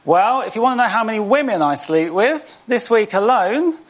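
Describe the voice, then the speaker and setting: A man doing stand-up with deadpan one-liners. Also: high-pitched, normal speed. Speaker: stand-up comedian. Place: TV studio stage.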